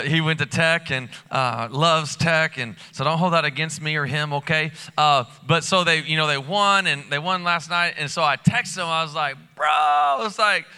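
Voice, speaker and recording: A male pastor preaches live in a big church auditorium, his voice fairly high and very bright with a smooth, resonant ring. He talks in a loose, energetic, rambling way, full of fillers and restarts. The sound carries a long hall reverb. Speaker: lead pastor.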